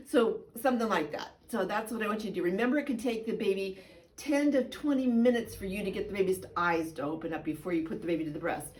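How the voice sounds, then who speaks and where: A woman midwife giving a chatty, playful instructional demonstration, sometimes dropping into high sing-song baby talk. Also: fast, a little mellow, recorded from a distance, poor audio. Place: indoor room. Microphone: camera mic.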